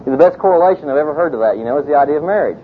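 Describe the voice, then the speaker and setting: Here a man races through a sermon at a very fast clip, animated and chatty, telling it like a story and dropping "you know" again and again. The sound is tinny and phone-like, with a vehicle rumbling behind him.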